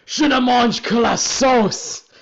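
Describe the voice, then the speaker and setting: A woman playing a melodramatic heartbroken young man who shouts through tears. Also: fairly high pitch, slow pace, gravelly, lo-fi sound. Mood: anguished.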